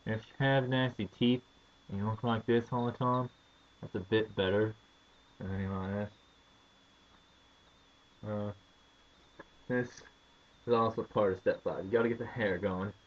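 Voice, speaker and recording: American dude rambling jokey tips on a muffled home vid, kinda raspy. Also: male voice, fairly low pitch. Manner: mock-serious, wry, rambling. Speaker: vlogger. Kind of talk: joking how-to vlog.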